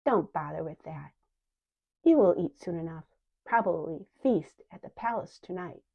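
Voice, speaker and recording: Croaking hissing old crone, greedy, wheedling, acted by a woman, dull lo-fi storybook audio. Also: lowish voice, expressive, moderate pace, exaggerated voice. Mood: mocking. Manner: wheedling, sharp-tongued. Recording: dull lo-fi recording.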